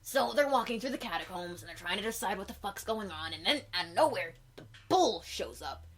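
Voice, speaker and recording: A woman's voice: medium pitch, animated, brisk, natural voice. A woman playing a laid-back male troll clown, recapping a film in slangy, profane rambling. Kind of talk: in-character comedy recap.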